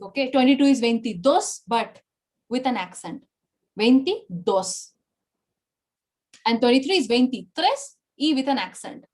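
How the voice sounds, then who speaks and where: A woman with an Indian English accent teaching an online Spanish class, repeating numbers and praising students often. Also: high-pitched.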